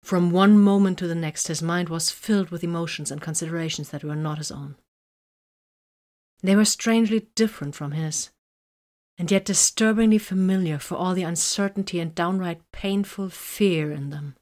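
A woman reading romantic fiction aloud in a soft, breathy voice that often drops near a whisper. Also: fairly low pitch, normal speed. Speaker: narrator.

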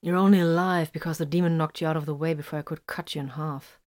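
A woman voicing a calm male warrior who speaks quietly and steadily to his wounded brother. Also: low voice, fast, lightly acted.

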